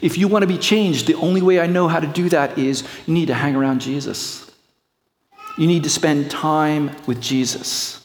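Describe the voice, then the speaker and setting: A middle-aged man preaching a sermon as a pastor, moving from slow reflective passages to quick storytelling. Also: a little high, big-room sound, a little hiss or hum.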